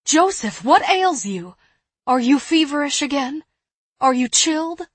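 A woman's voice: high-pitched, lively intonation, unhurried, no echo, voice pushed up. A woman voicing a fierce, worried woman caring for sick children, talking sharply and urgently. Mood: alarmed.

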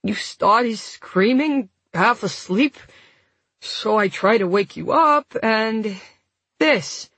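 A man's voice: high voice, animated, slow pace, pushed and bright, dry recording, exaggerated voice. A woman voicing a weary, injured man with a Brooklyn accent, whose speech is slurred and numbed from pain.

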